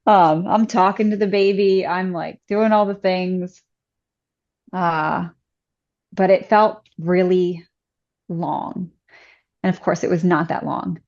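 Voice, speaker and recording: A woman guest on a podcast, telling a personal story in a chatty, casual way, full of "like" fillers and lively acted-out quotes. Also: fairly low pitch, takes it slowly, gravelly, long pauses, dull audio.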